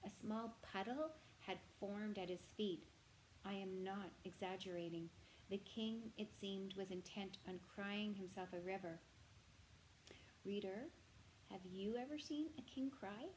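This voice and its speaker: A woman reading a children's novel aloud in a gentle, expressive way, often speaking directly to the listener. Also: medium pitch, a little slow, a little hiss or hum, low-quality recording.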